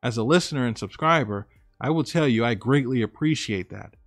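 A man's voice: medium pitch, animated, a little fast, no echo. A man who hosts a story channel, reading a listener's story aloud and then commenting on it in a casual, emphatic way. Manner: casual, emphatic, reacts with disbelief. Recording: dry close mic with faint background music.

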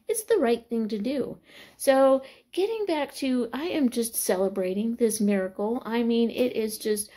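A woman in her forties, vlogging in an excited, exclamatory way with frequent laughter, filmed in a small corner of a room. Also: fairly high pitch, unhurried. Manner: bubbly, exclamatory, laughing often. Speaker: vlogger sharing faith and school news. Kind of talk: excited casual vlog testimony.

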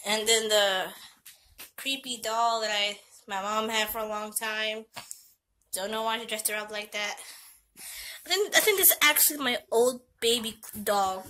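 A woman's voice: on the high side, a little slow, bright, forceful tone, a little hiss or hum. A young woman playfully teasing and coaxing her small child at home while filming a casual vlog. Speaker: vlogger, mother. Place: home living room.

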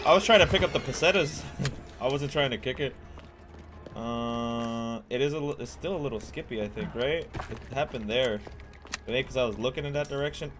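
Casual, profane man doing let's play commentary. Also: medium pitch. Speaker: gamer. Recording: game audio behind the voice.

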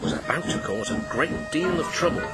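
A man narrating a children's story about engines in a gentle, even storyteller's voice. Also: on the high side, normal speed. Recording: narration over loud background music.

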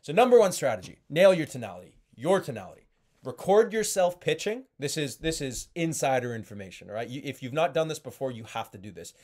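A man coaching salespeople in an emphatic, animated way, often checking in with "okay?" and "right?". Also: medium pitch, brisk. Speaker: sales trainer. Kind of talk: sales training talk.

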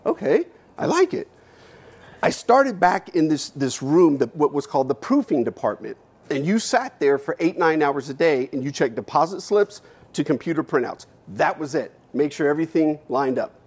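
A man's voice: on the high side, animated, normal speed, darkish tone, breathy edge. Candid, profane male keynote storyteller. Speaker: keynote speaker. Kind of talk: casual storytelling speech.

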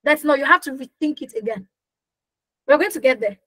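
Emphatic high-voiced young woman coach. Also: expressive, brisk, a bit bright, no room sound, low-quality recording. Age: young adult. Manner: emphatic, repeats phrases, asks the audience questions. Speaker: business coach hosting a workshop. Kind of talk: live online class talk.

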